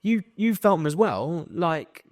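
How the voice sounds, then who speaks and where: A young man, a podcast guest, casually telling a lively story, swearing and acting out the lines of the people in it. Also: a little high, measured pace, no room sound, studio quality. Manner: swearing, animated retelling with quoted dialogue.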